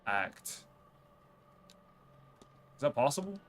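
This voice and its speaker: A man streaming a game, chatting casually, reading on-screen text aloud and reacting with quick outbursts. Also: medium pitch, big pitch swings, slight background noise. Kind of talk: casual let's-play commentary.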